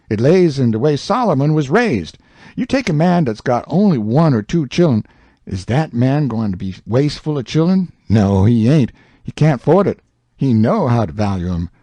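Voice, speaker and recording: A man's voice: a little high, dark tone, no room sound, pitched above the performer's own voice. A man doing a stubborn man. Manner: drawling, insistent, folksy. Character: stubborn grown man, sure of his own reasoning. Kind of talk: audiobook character reading.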